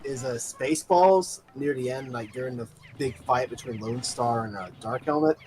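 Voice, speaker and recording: A man's voice: mid-range voice, moderate pace, a crowd in the background. A man chatting casually during a game stream, hesitant and full of fillers. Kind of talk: casual chat.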